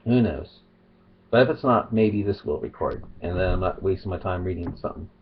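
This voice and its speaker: A man's voice: deep voice, expressive, a little fast, highs cut off, a little hiss or hum. A middle-aged man talking casually to his webcam, rambling and restarting his sentences. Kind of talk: casual vlog monologue. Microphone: webcam or phone.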